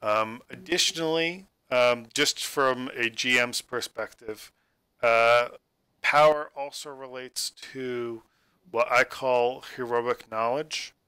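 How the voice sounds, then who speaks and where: A male game master walks players through the rules of his tabletop game, stopping and restarting with plenty of ums and uhs. His voice is bright and clean, and the sound is dry and close on a computer mic over a call. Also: mid-range voice, clean tone, dry recording. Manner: rambling, halting with many fillers.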